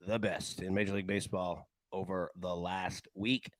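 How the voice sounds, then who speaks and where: A man hosting a live sports betting show, talking in a casual, excitable way full of slang and stammered restarts. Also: low-pitched, normal speed, few pauses, no echo, poor audio.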